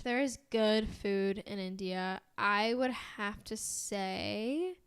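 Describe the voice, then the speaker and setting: A woman's voice: medium pitch, takes it slowly, a bit bright, smooth. A young woman with an American accent, co-hosting a podcast in bubbly casual chat, full of "like" and giggles. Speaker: podcast co-host.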